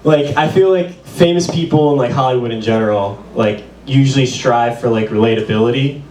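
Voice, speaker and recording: Rambling stand-up comic in a roomy club. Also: male voice, medium pitch, a little fast, crowd noise. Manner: loose, rambling with frequent "like". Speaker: stand-up comedian. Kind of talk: stand-up set. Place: small bar performance room. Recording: roomy, distant, with audience.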